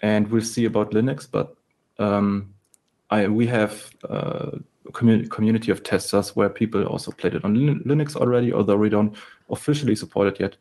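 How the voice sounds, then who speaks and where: A man being interviewed about his studio's game, speaking hesitantly with frequent pauses and filler sounds. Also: lowish voice, fairly even intonation, darkish tone. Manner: hesitant, many ums and restarts. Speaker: game developer guest. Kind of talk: casual interview chat.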